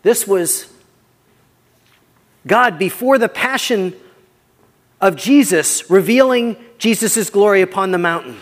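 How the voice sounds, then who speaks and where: A man preaching a sermon as pastor, earnest and conversational, often dropping his voice quietly for emphasis. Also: sits high, expressive, takes it slowly, pauses often, big-room sound.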